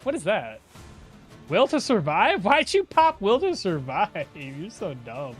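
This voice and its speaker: Exasperated streamer man, lively voice. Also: sits high, takes it slowly, soft background music. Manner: exasperated, laughing, talks to chat. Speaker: game streamer. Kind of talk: casual live-stream commentary.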